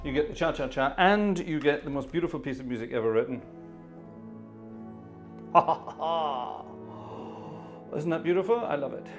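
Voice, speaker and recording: An organist hosting a live music stream chats casually between pieces in a hot indoor room. His voice is on the high side and animated, and he talks fast with few pauses, in a jovial, rambling way full of chuckling asides.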